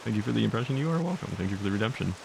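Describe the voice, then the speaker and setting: A man's voice: fairly low pitch, lively intonation, rapid-fire, gravelly, noisy background. A man casually live-streaming a game, jokey, reading chat messages aloud. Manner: jokey, reads chat aloud, laughs often.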